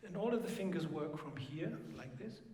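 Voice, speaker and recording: A man's voice: on the high side, lively intonation, normal speed, darkish tone. A man leading a music masterclass, giving direct corrections and scatting rhythms aloud as he coaches. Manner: scats and hums rhythms mid-sentence. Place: recital hall. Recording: echoey hall with piano.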